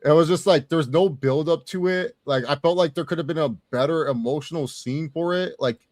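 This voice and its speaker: A young man co-hosting a casual movie review chat, animated and swearing freely as he acts out quotes. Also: on the high side, a little fast, no echo, clean studio sound. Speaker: co-host of a movie review show.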